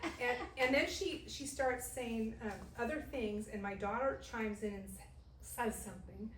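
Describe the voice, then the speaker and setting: A woman's voice: fairly high pitch, unhurried. A middle-aged woman from Southern California telling a personal story in a women's Bible study, laughing often and acting out what people said. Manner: lively storyteller who laughs and acts out quotes. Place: church meeting room. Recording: echoey room, distant mic, faint hiss.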